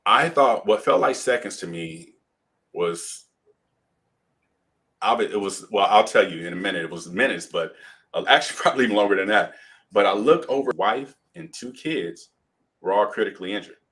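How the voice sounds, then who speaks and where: A man's voice: on the low side, expressive, moderate pace, fairly bright tone. A man, a guest on an interview show, telling a personal story vividly and acting out the voices of the people in it.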